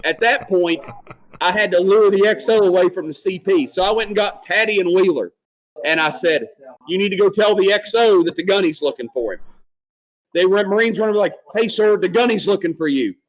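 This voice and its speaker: A former Marine telling profane, animated service stories on a casual podcast. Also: male voice, sits high, fairly quick, low-quality recording. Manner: profane, animated storyteller acting out quotes.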